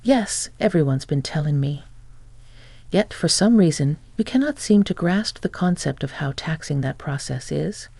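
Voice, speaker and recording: A reader putting on a selfish young husband with a gravelly edge and a dark, mellow tone, contemptuous and sneering as he belittles his wife. The sound is close and dry, like a storybook read straight into the mic. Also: on the high side, expressive, normal speed, no room sound. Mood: scornful.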